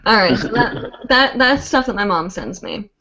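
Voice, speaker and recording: A woman's voice: medium pitch, sing-song, normal speed, pushed and bright. A woman hosting a live online show, chatting casually and rambling with lots of "like" and "um". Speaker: host of a live hooping show. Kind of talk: casual livestream chat. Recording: dull lo-fi livestream audio.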